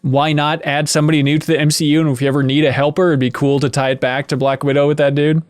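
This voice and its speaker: A man's voice: fairly high pitch, flat delivery, dry recording, clean studio sound. Chatty jokey man on a podcast. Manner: jokey, chatty, quick asides. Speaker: podcast host. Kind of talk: casual podcast chat.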